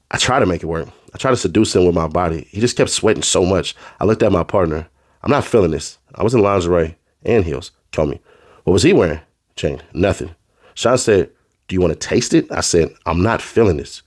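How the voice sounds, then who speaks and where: A man reading a courtroom transcript aloud, naming each speaker in a flat, clipped way. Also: low voice, dry recording, clean studio sound. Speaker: trial recap reader.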